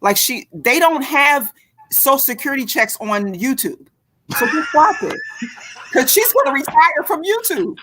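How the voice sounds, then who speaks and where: A woman in a casual online commentary chat, animated and mocking, laughing often as she gossips. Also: high voice, a little slow, noisy background.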